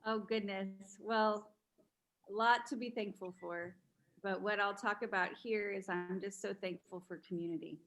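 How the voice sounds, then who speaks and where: A woman's voice: medium pitch, fairly even intonation, normal speed, fairly bright tone, low-quality recording. A woman on a video call speaking modestly and a bit self-deprecatingly about what she is thankful for. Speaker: call participant. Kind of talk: casual sharing.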